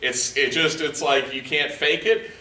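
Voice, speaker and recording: A man's voice: on the high side, fairly even intonation, measured pace, pushed and bright. A male trainer giving a conversational workshop lecture to a live group, often quizzing the room and using lots of fillers. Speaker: leadership trainer. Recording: echoey room, voice picked up from a distance.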